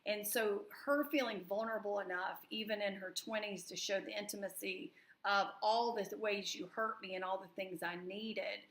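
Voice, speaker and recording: Southern woman host, bubbly, jokey, bright voice, roomy echo. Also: medium pitch, steady tone, normal speed, hardly any pauses. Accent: Southern American. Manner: bubbly and joking, laughs often. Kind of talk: casual video chat.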